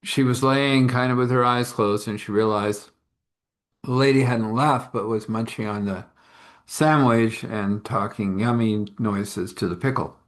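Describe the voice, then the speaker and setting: A man's voice: mid-range voice, fairly even intonation, a little slow. A man narrating an improvised story in a casual, rambling way, full of chatty asides.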